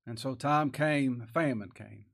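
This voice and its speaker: A man preaching from the pulpit in a mid-range voice. He talks in a folksy, homespun way, pushing up into loud, emphatic bursts and dropping back with a chuckle. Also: mid-range voice, a little slow, vocal fry. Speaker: pastor. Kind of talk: sermon.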